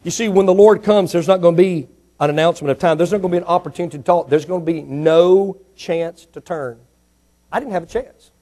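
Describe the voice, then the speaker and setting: A male preacher delivering a sermon, moving between quiet storytelling asides and loud, emphatic declarations. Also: a little fast. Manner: swings from low asides to loud ringing declarations.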